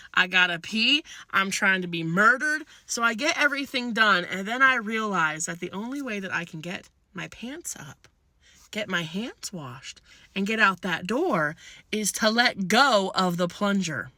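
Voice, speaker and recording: A woman telling a comic personal story in an animated, blunt way, swearing freely. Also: medium pitch, a little slow, no echo, studio quality.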